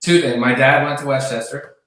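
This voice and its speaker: A man in his forties, a guest giving relaxed, brief answers in a casual interview. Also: medium pitch, fairly quick. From Newtown Square, Pennsylvania. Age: 40s. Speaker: guest, basketball executive. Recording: very echoey room.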